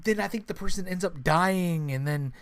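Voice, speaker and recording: A man co-hosting a podcast, telling stories in a casual, animated way, swearing freely and acting out what people said. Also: high voice, normal speed, smooth. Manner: animated storyteller, swears freely, acts out quotes. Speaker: podcast co-host. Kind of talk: casual storytelling chat.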